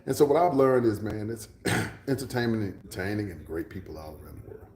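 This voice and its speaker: A man's voice: fairly low pitch, fairly quick, darkish tone, echoey room. A man from Texas, chatting casually with livestream viewers, rambling along and dropping to a whisper for asides. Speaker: livestream host.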